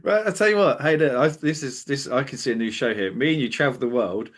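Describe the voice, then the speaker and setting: A man hosts a loose comedy podcast chat. He rambles through half-finished sentences and keeps slipping into giggles. His voice sits at an ordinary middle pitch. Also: animated, quick pace. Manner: giggly, rambling, often laughing mid-sentence. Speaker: podcast host.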